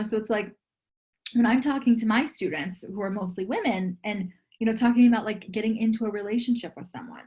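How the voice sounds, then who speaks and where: A woman's voice: mid-range voice, a little mellow. A woman in her thirties, a relationship coach as a podcast guest, talking in a chatty, earnest way with lots of "like". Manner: chatty, earnest, peppers speech with "like". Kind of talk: casual podcast interview.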